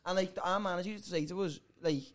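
High-voiced man spinning a yarn. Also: fairly even intonation, fast, a bit bright. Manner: rambling, repeats "listen" and "like", bursts of laughter. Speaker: podcast guest. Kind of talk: casual comedic storytelling.

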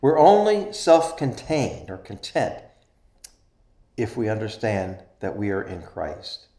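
A man preaching a sermon in an earnest style, stressing key phrases slowly. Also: on the low side, sing-song, warm tone. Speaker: pastor. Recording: echoey room.

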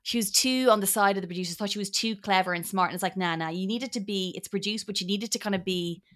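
A woman talks as a guest on a chat podcast, rambling from one thought to the next with lively energy. Her voice has a bright, forward ring, sitting at an ordinary middle pitch. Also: fast talker. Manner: rambling, animated, drops into mock voices. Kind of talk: casual chat.

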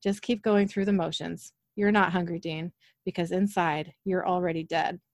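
A woman's voice: lowish voice, steady tone, normal speed, no room sound, studio quality, lightly acted. A woman reading a sinister old horseman. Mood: menacing.

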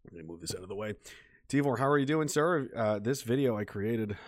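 A man hosting a casual livestream and reading out viewer chat, sarcastic and profane, laughing often and swinging between low mutters and loud outbursts. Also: lively intonation, brisk, no room sound, studio quality.

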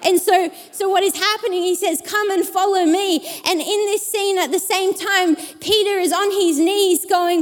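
A woman preacher giving a sermon, telling a personal story in an animated way and acting out the people in it. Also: very high voice, moderate pace, hardly any pauses, in a large hall. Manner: animated, acts out the people in her stories.

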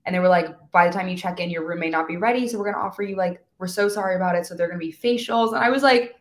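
A young woman in her twenties chats as a podcast guest, her voice sitting a little low. She keeps acting out little quoted exchanges and scatters fillers everywhere. Her voice carries a noticeable room echo. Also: rapid-fire. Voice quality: valley-girl filler talk, animated quoting. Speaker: guest influencer. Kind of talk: casual chat.

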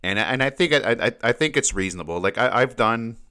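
A man's voice: medium pitch, lively intonation, brisk, bright, forceful tone, clear, resonant tone. A man in casual podcast chat who rambles, stammers over repeated words and laughs often.

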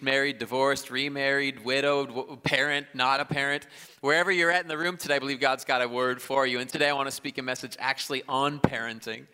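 A man in his thirties preaching a sermon in a large church, conversational and self-deprecating, with quick asides and restarts. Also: medium pitch, pushed and bright, clear, resonant tone. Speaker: pastor. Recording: live church hall with long reverb.

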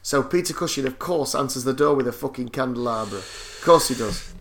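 A man's voice: medium pitch, brisk, fairly bright tone. A man in casual chat about a film, chiming in with short agreements and extra details. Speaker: podcast co-host.

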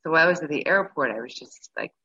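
A woman guest telling a personal story in casual conversation, animated and acting out the voices of the people she describes. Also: low voice, very fast, breathy edge. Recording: dull lo-fi recording.

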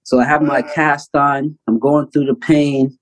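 Lively man telling a story. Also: a little high, a little slow, rough recording. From Canada. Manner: animated storyteller, acts out quoted voices loudly. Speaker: guest, basketball player. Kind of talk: casual storytelling interview.

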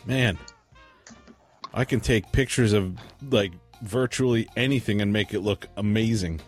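A man's voice: fairly low pitch, measured pace, faint music behind. A man co-hosting a podcast, joking around and laughing often in casual banter. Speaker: podcast co-host.

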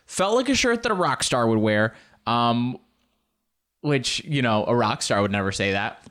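Young guy comedian rambling on his podcast, jokey and self-mocking, animated. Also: medium pitch, moderate pace. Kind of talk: casual solo chat.

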